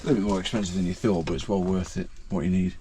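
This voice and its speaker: A man's voice: sits low, fairly even intonation, racing, warm tone, slight background noise. A man hiking with a friend outdoors, making brief offhand remarks about the trail. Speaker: walking companion. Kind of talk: casual chat while hiking.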